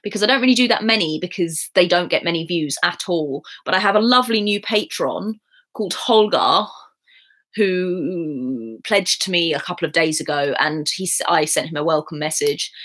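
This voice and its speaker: A young English woman with a received pronunciation accent chats on a livestream, reading and answering viewer comments. Her voice sits a little low for a woman. She rambles along with plenty of fillers. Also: moderate pace, fairly bright tone. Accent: southern English received pronunciation. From England. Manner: chatty, rambling, lots of fillers. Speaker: YouTuber.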